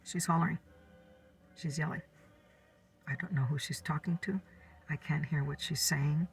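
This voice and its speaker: A woman in her fifties telling a neighborhood gossip story in a soft, whispered ASMR style. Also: low-pitched, steady tone, normal speed, distant mic, soft background music. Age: 50s. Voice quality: breathy.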